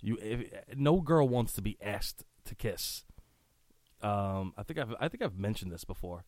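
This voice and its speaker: A man hosts a laid-back solo podcast in a slow, unhurried drawl. His voice sits a little low, and he is sniffly and keeps clearing his throat. The sound is dry and close, with no room echo. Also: animated, darkish tone. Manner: crude, laughing, breaks off into asides. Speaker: podcast host. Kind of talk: casual solo podcast, reading pickup lines aloud.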